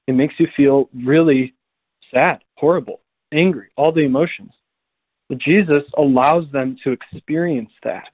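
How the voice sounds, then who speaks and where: Priest guest on a phone line, higher voice, lively storyteller who does the voices. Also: male voice, measured pace, no room sound. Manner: animated storytelling, acts out quoted voices. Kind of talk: conversational radio talk on faith. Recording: tinny phone line, dry.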